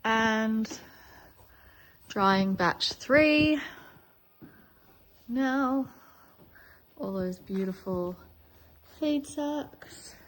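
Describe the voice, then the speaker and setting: A middle-aged woman chatting casually in a vlog, gushing excitedly over her finds. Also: on the high side, extremely slow, pauses often, rough recording. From Australia. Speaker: vlogger. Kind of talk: casual chat.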